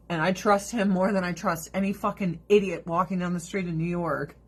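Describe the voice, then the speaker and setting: A woman's voice: fairly low pitch, fairly even intonation, brisk, hardly any pauses, slight background noise. Woman, vlogger, casual chat, blunt, swears freely. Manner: blunt and profane.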